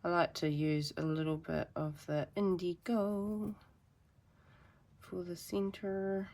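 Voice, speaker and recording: A woman's voice: lowish voice, flat delivery, takes it slowly, a little mellow. A woman giving a chatty, rambling painting tutorial with self-deprecating asides. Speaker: art teacher.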